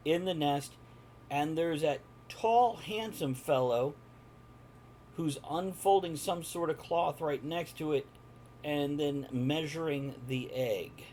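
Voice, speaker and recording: A man's voice: a little high, takes it slowly, darkish tone, slight background noise. A man narrating a live-streamed tabletop game as game master, chatty and jokey, chatting with viewers in between.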